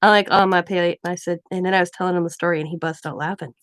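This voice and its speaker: A woman's voice: fairly low pitch, fairly even intonation, fast, a bit bright, slight background noise. A middle-aged woman chatting at home, telling stories and acting out what people said, laughing often. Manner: chatty storytelling, acting out quoted lines; laughs often mid-sentence. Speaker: craft vlogger. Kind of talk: casual chat.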